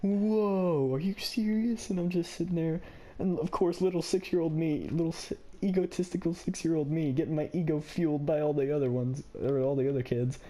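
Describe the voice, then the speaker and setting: A man's voice: a little high, flat delivery, brisk, hardly any pauses, dark tone. A young man casually telling a funny childhood story, rambling with lots of fillers and laughing often.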